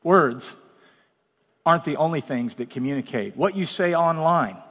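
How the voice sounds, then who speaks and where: High-voiced pastor preaching blunt. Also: male voice, lively intonation, moderate pace, fairly bright tone, long reverb tail. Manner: blunt, conversational preaching with dramatic asides. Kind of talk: sermon. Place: large church hall.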